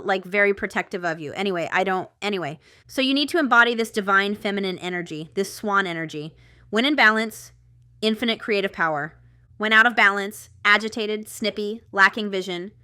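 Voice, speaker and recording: A woman's voice: medium pitch, sharp tone, clean tone, no room sound, clean studio sound. A woman giving a casual tarot reading to camera, chatty and rambling, with asides and stifled laughter. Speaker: tarot reader.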